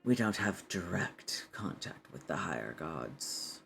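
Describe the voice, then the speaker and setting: A game master voicing Jaeger, an unseen spirit heard as a breathy whisper inside the players' heads, in whispered role-play. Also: deep voice, very animated, takes it slowly, sharp tone, faint music behind, pitched below the performer's own voice, exaggerated voice. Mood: secretive.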